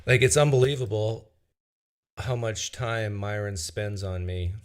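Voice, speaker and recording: A man hosting a live-stream call-in show, joking with callers in a deadpan, mock-serious way. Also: fairly low pitch, a little slow. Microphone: video-call style live stream.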